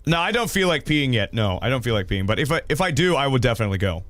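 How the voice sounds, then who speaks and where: A young man hosting a stream, reading viewer stories aloud in a loud, excitable way, swearing and laughing. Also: mid-range voice, fast, dry recording, faint music behind. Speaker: streamer host.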